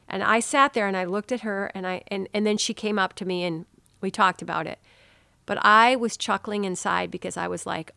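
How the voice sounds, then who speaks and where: A woman hosting a podcast, telling a personal story in an animated, expressive way and dropping to a soft hush now and then. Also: mid-range voice, a little fast, gravelly, smooth, no room sound, studio quality. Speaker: podcast host. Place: home.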